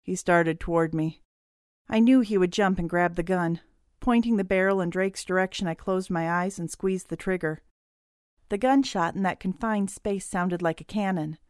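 A woman reading a first-person audiobook story in a steady, clear storytelling manner. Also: lowish voice, normal speed, no room sound, studio quality. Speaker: audiobook narrator.

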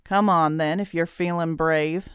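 A woman's voice: fairly low pitch, normal speed, smooth, dry recording, studio quality, natural voice. A woman reading an audiobook voices a brutish male gunman who talks in a sneering, mocking way.

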